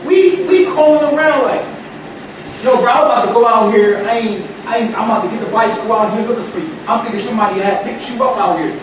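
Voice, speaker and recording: A man scolding people in an angry livestream rant, shouting and swearing in slang. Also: extremely high pitch, fast, muffled recording. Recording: distant echoey livestream audio with noise.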